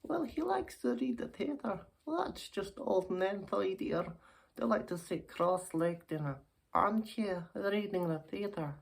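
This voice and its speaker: A woman voicing a chatty, giddy Scottish woman puppet in her sixties, who speaks in a high, fluttery voice and calls everyone dear in a ventriloquist act. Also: expressive, a little slow, vocal fry, slightly rough, full character voice. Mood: giddy, excited. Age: 60s.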